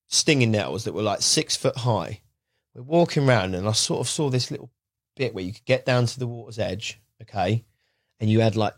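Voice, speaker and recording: A man's voice: medium pitch, dry recording, studio quality. A man telling a long rambling story as a guest, casual and chatty, often quoting what others said. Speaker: guest angler.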